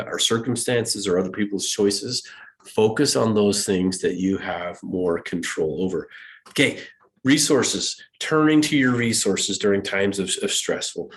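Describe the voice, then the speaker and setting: Lively man giving a motivational talk. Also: on the low side. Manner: lively, acts out quoted voices, laughs. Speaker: presenter. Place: school event.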